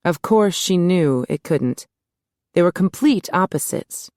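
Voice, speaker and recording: A woman reading a romance audiobook in a smooth, measured narrating voice. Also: lowish voice, lively intonation, darkish tone, no echo, clean studio sound. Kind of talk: scripted narration.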